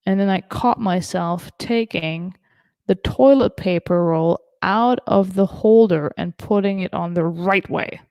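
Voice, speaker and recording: A woman's voice: mid-range voice, gravelly, warm tone, dry recording. A woman from Germany doing a stand-up comedy set over a video call, chatty and self-deprecating with many fillers.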